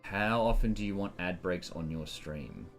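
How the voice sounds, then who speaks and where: Low-voiced male streamer, lively pitch, loose rambling delivery. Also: moderate pace, soft background music. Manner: rambling, hesitant, reads settings aloud. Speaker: live streamer. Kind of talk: casual live-stream chat.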